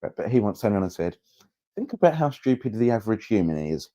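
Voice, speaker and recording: A man's voice: on the low side, sing-song, fast, warm tone, no echo. A man co-hosting a comedy podcast, telling historical anecdotes in a matter-of-fact way. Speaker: podcast co-host. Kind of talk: casual comedic chat.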